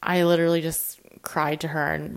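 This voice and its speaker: A young self-employed woman talking candidly and emotionally about her work and feelings in a personal vlog, now and then acting out what others say in lively voices. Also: low-pitched, moderate pace, vocal fry, clean tone. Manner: emotional, confessional, quotes people in animated voices. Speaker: self-employed social media creator.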